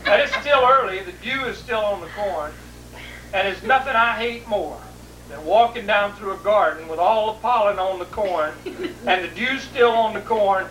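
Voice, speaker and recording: A woman telling a long humorous story to a live audience in a folksy, drawn-out way. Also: fairly high pitch, bright, forceful tone. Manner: folksy, drawn-out, vivid retelling. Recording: distant, roomy, noisy 1980s video recording.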